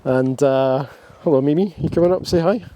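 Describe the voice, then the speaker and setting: Relaxed man aboard a sailboat. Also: on the high side, moderate pace, slight background noise. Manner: relaxed, rambling, chatty with his dogs. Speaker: sailing vlog co-host. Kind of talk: casual vlog chat.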